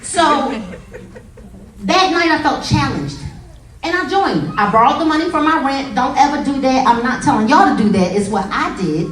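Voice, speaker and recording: Animated woman speaker, high lively voice. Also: normal speed. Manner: animated, humorous storytelling with acted quotes. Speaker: motivational speaker. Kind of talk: motivational talk to a live audience. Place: meeting room with an audience. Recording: echoey room, voice from a distance, faint crowd.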